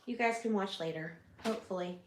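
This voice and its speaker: Hosting a live scrapbooking stream from home, a woman chats casually in a rambling way, correcting herself as she goes. Her mid-range voice is nasal from a cold and fairly quick, and the audio sounds roomy with slight background noise.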